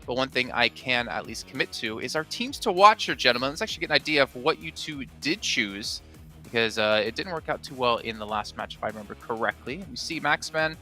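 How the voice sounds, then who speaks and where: A man's voice: medium pitch, lively intonation, fairly quick, sharp tone, faint music behind. A man hosting an esports analyst desk, putting friendly teasing questions to his panel. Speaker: desk host.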